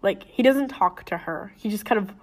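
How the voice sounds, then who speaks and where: A woman's voice: medium pitch, normal speed, darkish tone. A young woman co-hosting a casual book discussion podcast, teasing and laughing as she talks. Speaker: podcast co-host.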